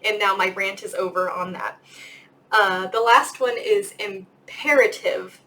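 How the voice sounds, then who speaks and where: A woman's voice: medium pitch, unhurried, sharp tone, slight background noise, rough recording. A young woman giving a casual grammar lesson as a teacher, chatty and full of fillers. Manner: chatty, lots of "like" and "um". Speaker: English teacher.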